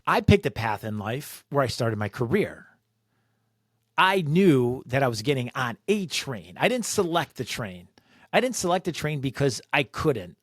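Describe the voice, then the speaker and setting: A man's voice: medium pitch, no room sound, studio quality. A middle-aged man hosting a podcast, telling a reflective story in an earnest way, with many fillers and repeated words. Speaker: podcast host.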